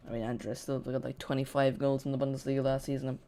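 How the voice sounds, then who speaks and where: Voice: mid-range voice, little pitch movement, fast talker, dark tone. Chatty football watch-along host. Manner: chatty, self-correcting, dry sarcasm.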